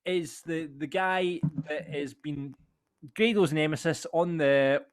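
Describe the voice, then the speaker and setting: Chatty man, slightly high voice. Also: slow. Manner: chatty, rambling, repeats words. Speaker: podcast co-host. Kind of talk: casual football chat.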